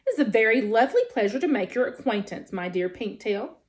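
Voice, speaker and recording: A woman's voice: a little high, sing-song, brisk. A woman voicing a formal, overly polite female robot who speaks very properly. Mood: formal, earnest. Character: polite, stiff female robot learning to be friendly.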